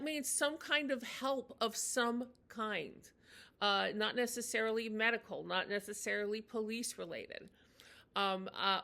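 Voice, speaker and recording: A woman teaching in a chatty, unscripted way, with many fillers and restarts, slowing down to model phrases. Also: mid-range voice, vocal fry, bright, forceful tone. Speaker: language teacher. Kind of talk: casual spoken lesson.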